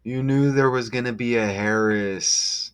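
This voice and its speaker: Man host, unhurried, mid-pitch, thinking aloud over stats with bursts of wonder, home desk mic. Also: clean tone. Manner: slow, musing, excitable exclamations. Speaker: gematria sports commentator. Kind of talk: casual solo commentary over on-screen schedule.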